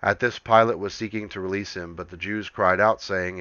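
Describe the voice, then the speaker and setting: A man giving a scripted scripture reading in a measured, solemn way. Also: sits low, fairly even intonation, sharp tone, clear, resonant tone, no room sound, dull audio. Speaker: scripture reader.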